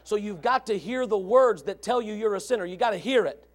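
A man preaching a sermon, jumping between loud shouted lines and low murmured asides, with a gravelly edge to his voice. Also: a little fast. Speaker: pastor.

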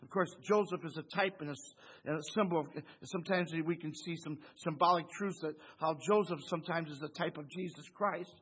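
A man's voice: a little high, fairly quick, fairly bright tone, husky. A man preaching a Bible study sermon who keeps asking the congregation "Amen?" and chuckles between phrases.

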